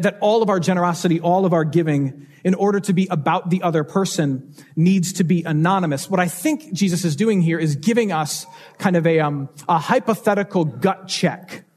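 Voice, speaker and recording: Husky high-voiced male preacher. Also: a little mellow. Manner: storytelling, rhetorical questions, varied emphasis. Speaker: pastor. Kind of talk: sermon.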